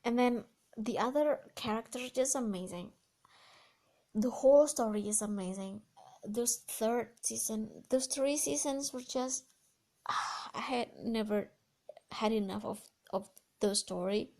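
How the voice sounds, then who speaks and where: A woman's voice: on the high side, unhurried, a little mellow. A woman with an American accent, hosting a solo podcast in a gushing, chatty way full of fillers and restarts. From Indonesia. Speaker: podcast host. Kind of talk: casual solo podcast chat.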